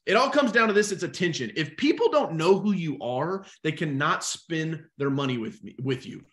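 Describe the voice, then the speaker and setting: Animated man coaching a live webinar. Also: a little high, moderate pace. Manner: energetic, animated, talks to the chat.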